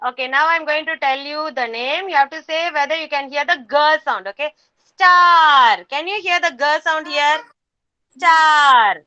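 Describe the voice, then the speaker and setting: A woman leads a young children's class over a video call. Her voice is high and bright, and she talks slowly, repeating each word for them. The sound is dry and close. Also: steady tone, no room sound, muffled recording. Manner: slow, patient, repeats words for young children. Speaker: kindergarten teacher. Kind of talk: online class teaching.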